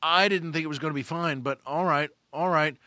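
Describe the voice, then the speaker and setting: Animated storytelling man, bright dry voice. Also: on the high side, fairly quick, no room sound. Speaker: comedian telling a story. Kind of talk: comic storytelling.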